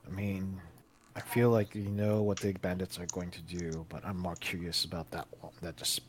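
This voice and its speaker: A man's voice: low voice, flat delivery, moderate pace, slight background noise. A young man playing a tabletop game, laid-back and brief in his remarks. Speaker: player. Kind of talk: casual tabletop game chat.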